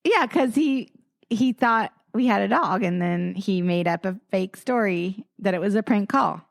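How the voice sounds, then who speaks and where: A woman's voice: medium pitch, expressive, unhurried, gravelly, dry recording, studio quality. A woman co-hosting a podcast, chatting casually, telling rambling stories and laughing often. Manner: giggly, rambling storyteller. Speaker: podcast co-host. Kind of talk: casual comedic chat.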